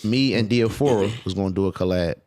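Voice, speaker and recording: A man's voice: lowish voice, a little fast, darkish tone. A man talking as a guest on a podcast, casual and emphatic, with profane streetwise phrasing. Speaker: clothing designer guest.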